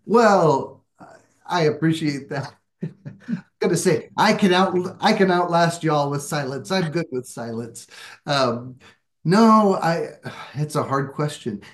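Bible study leader on a video call, thinks out loud, a bit self-deprecating. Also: medium pitch, animated, slow. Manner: reflective, searching, self-deprecating. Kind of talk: leading a group discussion.

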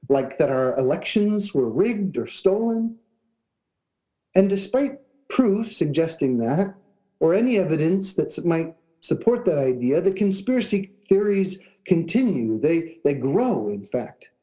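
A man preaching a sermon, telling a personal story in a conversational way, with restarts and pauses. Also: sits high, very animated, warm tone, poor audio. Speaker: pastor.

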